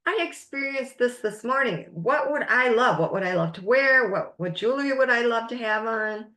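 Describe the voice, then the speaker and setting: A woman's voice: a little high, expressive, moderate pace, pushed and bright. A woman life coach teaching a recorded masterclass, speaking in an encouraging, emphatic way and stressing key words.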